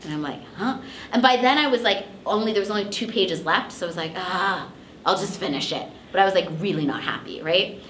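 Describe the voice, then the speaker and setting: A woman's voice: medium pitch, fairly quick, fairly bright tone, a little hiss or hum. A woman voice actress being interviewed, telling stories casually with lots of fillers and laughing asides. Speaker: voice actress guest. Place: convention interview room. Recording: echoey room.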